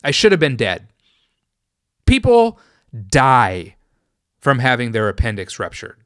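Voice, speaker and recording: A man's voice: medium pitch, huge pitch swings, a little slow, a bit bright, clear, resonant tone, no room sound, clean studio sound. A man hosting his own podcast, telling a personal story in a casual, rambling and profane way. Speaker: podcast host.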